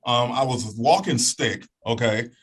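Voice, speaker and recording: A man telling a personal story as a guest in an animated way. He acts out voices and sounds and keeps checking in with "okay?". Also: mid-range voice, moderate pace, husky, low-quality recording.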